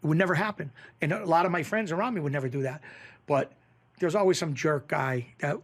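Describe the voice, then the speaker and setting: A middle-aged man with a Western Massachusetts accent, speaking in a fairly high voice. He tells stories in a casual interview and acts out the people in them by raising his voice. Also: a little fast. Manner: animated, acts out quoted voices in a raised pitch. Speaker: interview guest, former bookmaker.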